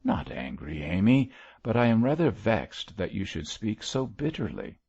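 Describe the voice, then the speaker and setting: A man voicing an elderly white-haired bishop, speaking gravely and solemnly with a soothing firmness. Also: fairly low pitch, sing-song, normal speed, darkish tone, no room sound, dull audio, voice pushed up, exaggerated voice.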